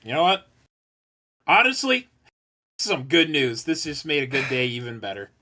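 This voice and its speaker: A man's voice: mid-range voice, sing-song, moderate pace, bright, forceful tone. A man co-hosting a casual gaming podcast, speaking in a dry, sardonic way. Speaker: podcast co-host. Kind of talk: casual chat.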